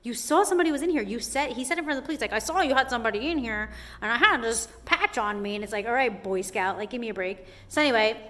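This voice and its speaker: Young woman vlogger, conversational storytelling, lots of "like", lively. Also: a little high, quick pace. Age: young adult. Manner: chatty, says "like" constantly, animated retelling. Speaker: hair salon owner. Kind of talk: casual storytime to camera.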